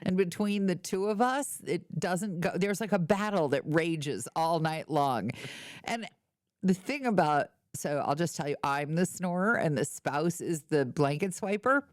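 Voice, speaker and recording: A woman's voice: lowish voice, lively intonation, measured pace, dry recording, clean studio sound. A middle-aged woman hosting a podcast, chatting casually with wry storytelling and playful mock indignation. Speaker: podcast host. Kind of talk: casual chat.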